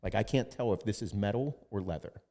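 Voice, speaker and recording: A man's voice: fairly low pitch, a little fast, dark tone, in a large hall. A man hosting a podcast, telling a story in casual chat and quoting others, with lots of swearing. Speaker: podcast host.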